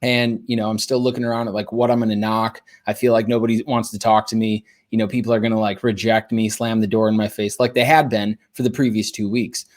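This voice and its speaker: A man's voice: fairly low pitch, fast, few pauses. A young man hosting a podcast, telling a story casually with many fillers. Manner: casual, animated, lots of fillers. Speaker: podcast host.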